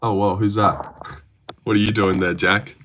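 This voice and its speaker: A man's voice: on the low side, little pitch movement, measured pace, a bit bright, a little hiss or hum. A young man on a live stream, reading and answering chat with sarcastic, argumentative, swear-filled talk.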